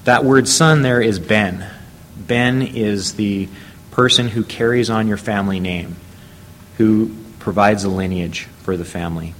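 Male preacher, lowish voice, measured storytelling sermon with scripture readings, faint rumble behind.

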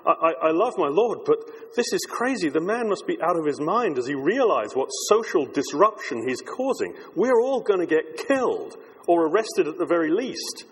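Man putting on worried male disciple, family man, fretful, doubting, raised pitch, husky, long hall reverb. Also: very animated, moderate pace, fairly bright tone, heavily acted. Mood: anxious. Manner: fretful, doubting, talking himself out of loyalty.

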